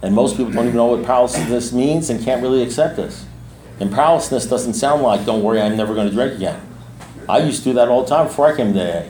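A man's voice: mid-range voice, quick pace, mellow, slight background noise. Blunt, streetwise man in an echoey room. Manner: blunt, streetwise, repeats himself for emphasis. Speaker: recovery meeting speaker and sponsor. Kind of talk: recovery meeting talk. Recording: echoey room with faint ambience.

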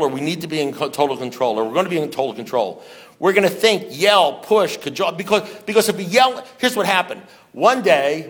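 Speaking to an audience in a meeting room, a man with a high, fairly bright voice addresses a recovery meeting. His talk is impassioned, full of rhetorical questions and wry humor.

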